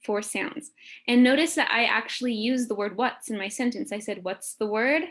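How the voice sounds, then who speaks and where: A woman teacher giving a phonics lesson to children, speaking slowly and over-articulating each sound. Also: on the high side.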